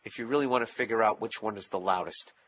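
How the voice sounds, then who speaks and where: Profane, sharp-voiced ranting man. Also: lowish voice, fast talker. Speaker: podcast host. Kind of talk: casual solo podcast monologue.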